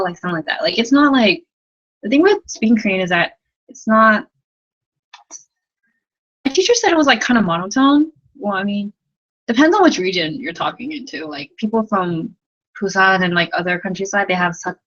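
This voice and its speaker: A young woman, a language tutor, teaches a casual livestream lesson from her bedroom at night, rambling, giggling and putting herself down, with lots of "like." Her voice is medium-pitched and a bit bright, and the highs are cut off.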